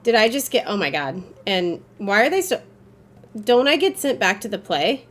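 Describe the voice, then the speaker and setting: Woman, gaming commentary, very animated pitch, excitable, curses a lot, frustrated outbursts, calmer when explaining. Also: normal speed. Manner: excitable, swears freely, bursts into frustrated yells. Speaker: gaming YouTuber. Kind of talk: gameplay commentary.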